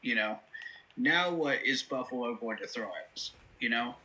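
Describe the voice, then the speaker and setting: A man with a very bright, sharp-edged voice hosts a live football reaction. He breaks down plays and clock management earnestly, leaning on "you know" as he talks. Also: mid-range voice, lively intonation, normal speed, rough recording. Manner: earnest, analytical, many "you know" fillers. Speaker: host.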